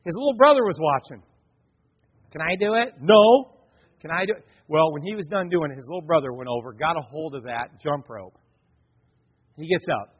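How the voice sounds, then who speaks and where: A man's voice: fairly high pitch, fairly quick, husky. A middle-aged man preaching a sermon, telling family stories and acting out the voices of his kids and wife. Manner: animated storyteller, acts out his family's voices. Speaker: pastor. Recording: dull lo-fi sound in a reverberant hall.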